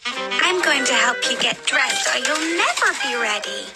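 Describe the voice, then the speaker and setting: A woman voicing a bossy young girl bunny, the big sister in a children's cartoon, bright and sing-song. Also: high-pitched, animated, a little slow. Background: cartoon background music.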